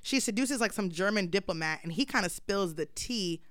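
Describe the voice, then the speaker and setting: A young adult woman hosting a podcast, telling a story in lively, profane slang. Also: mid-range voice, moderate pace, no room sound, studio quality. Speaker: podcast host. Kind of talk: casual chat, storytelling.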